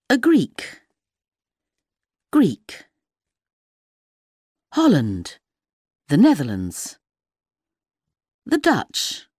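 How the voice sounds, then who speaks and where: A woman with a low, husky voice reads vocabulary aloud very slowly, pausing after each word. Her pitch swings widely from word to word, and the recording is dry and close. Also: a little mellow, no room sound. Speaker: language teacher. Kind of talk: slow vocabulary drill.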